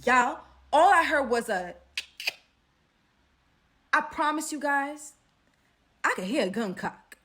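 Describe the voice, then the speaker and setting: Animated young Brooklyn woman. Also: high voice, takes it slowly, pauses often. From Brooklyn, New York. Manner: animated, drops to hushed tones for suspense. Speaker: storyteller. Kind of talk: casual storytime.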